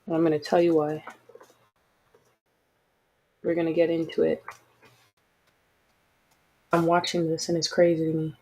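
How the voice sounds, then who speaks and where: A woman's voice: sits low, completely flat delivery, a little slow, pauses often, a little mellow, breathy edge, rough recording. A woman hosting a casual livestream, talking frankly and chattily with apologetic asides to her listeners. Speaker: podcast host.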